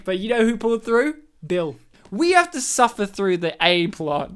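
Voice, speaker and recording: A woman chatting casually on a podcast, retelling a film plot with animated energy and sudden loud outbursts. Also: mid-range voice, moderate pace, clear, resonant tone. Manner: animated storyteller, acts out characters with loud outbursts.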